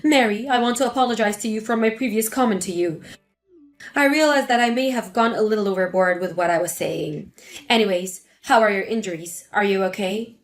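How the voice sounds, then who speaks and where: A woman's voice: mid-range voice, a little fast, pitched below the performer's own voice, natural voice. A woman voicing a spiteful, scornful older mother-in-law in a dramatic story reading. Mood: defensive. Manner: sneering, contemptuous.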